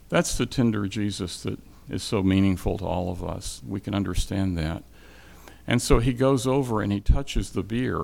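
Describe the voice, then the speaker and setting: Low gravelly man teaching the Bible. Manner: thoughtful, halting, many restarts and fillers. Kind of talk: informal Bible lecture.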